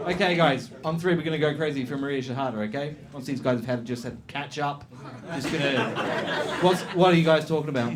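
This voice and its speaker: A man's voice: a little high, noisy background. Swearing male comedy compere. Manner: joking, swearing, bantering with audience. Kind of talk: stand-up crowd work. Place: comedy club stage. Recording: live club with crowd laughter. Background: laughing audience.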